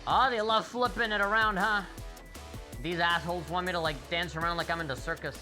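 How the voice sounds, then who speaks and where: A man's voice: high-pitched, fairly even intonation, fairly quick. A young man streaming a rhythm game, telling a rambling, profane story. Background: faint game music.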